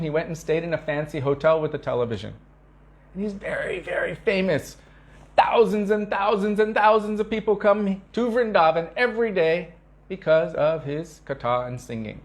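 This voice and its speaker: Earnest man giving a devotional talk. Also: moderate pace. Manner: earnest storytelling with emphatic repetition; acts out quoted speech with sharp pitch shifts. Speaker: spiritual teacher.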